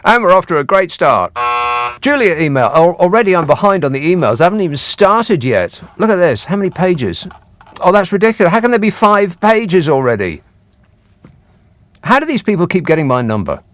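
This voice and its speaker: A man hosts a late-night radio phone-in show from a studio, speaking into a studio microphone. His voice sits high and is a bit bright, with big pitch swings and a fairly quick pace, and his manner is dry, sarcastic, and teasing.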